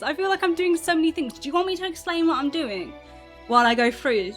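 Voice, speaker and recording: Soft music underlies a high-pitched, animated woman's voice, fairly bright and a little fast. The streamer, from southern England with a mixed British accent, laughs often as she games and talks casually to her chat.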